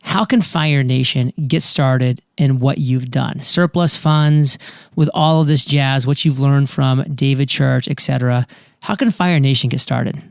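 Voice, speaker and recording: A man's voice: medium pitch, measured pace, vocal fry, dry recording, clean studio sound. A man hosting a podcast interview who asks the guest questions and speaks enthusiastically to his listeners. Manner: enthusiastic, addresses listeners directly. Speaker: podcast host.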